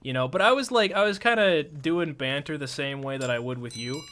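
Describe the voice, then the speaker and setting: A man's voice: on the high side, a little fast, a bit bright, a little hiss or hum. A young man streaming and chatting casually, telling a long story with many fillers and restarts.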